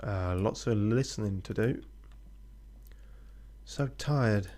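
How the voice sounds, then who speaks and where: Low-voiced man casually commentating a game. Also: slow pace, long pauses, a little mellow. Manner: offhand, swears casually, mutters asides. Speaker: streamer playing a game.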